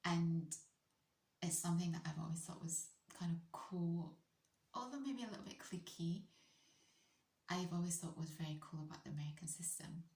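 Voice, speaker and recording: A British woman from the UK telling a personal story in a playful, casual way, often dropping into hushed, whispery asides. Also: on the low side, normal speed, echoey room. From United Kingdom.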